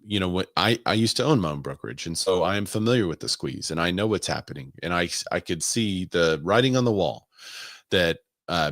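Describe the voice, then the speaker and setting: A man's voice: low voice, a bit bright, no room sound, clean studio sound. A man hosting a casual podcast, chatting and reading listener comments and articles aloud, with asides and laughs. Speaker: podcast host.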